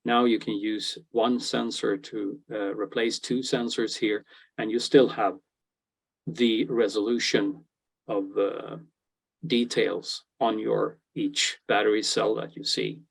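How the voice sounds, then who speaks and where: A man presenting a technical product webinar, talking in a halting way with frequent fillers and restarts. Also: fairly low pitch, fairly even intonation, vocal fry, husky, poor audio.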